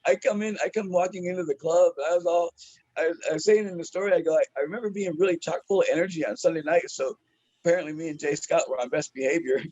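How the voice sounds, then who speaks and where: A slightly high, husky male voice tells a rowdy road story, peppered with "dude" and swearing. The audio is dull and lo-fi, like a cheap podcast mic. He laughs through his own punchlines. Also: a little mellow. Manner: profane, laughing, slangy ("dude", "man"). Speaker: stand-up comedian, guest. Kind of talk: casual storytelling.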